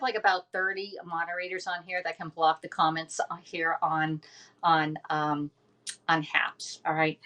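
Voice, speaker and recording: A woman hosts a relaxed home livestream. She talks in a loose, rambling way, with plenty of um's and restarts, and keeps calling her viewers y'all. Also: fairly low pitch. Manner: chatty, says y'all often, many fillers and restarts. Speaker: livestream host selling kitchen products. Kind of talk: casual livestream chat.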